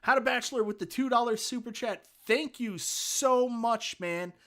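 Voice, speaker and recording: A man's voice: extremely high pitch, moderate pace, pushed and bright. A man with a Newfoundland accent hosting a casual livestream, rambling enthusiastically and thanking viewers for their comments. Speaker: livestream host. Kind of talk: casual live chat, reading viewer comments.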